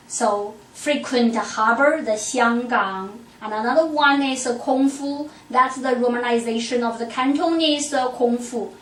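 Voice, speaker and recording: Woman teacher, echoey distant classroom. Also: fairly high pitch. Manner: frequent "okay" and "uh" fillers, halting. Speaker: Chinese language teacher. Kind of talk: classroom lecture. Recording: echoey classroom, far from mic, faint hiss.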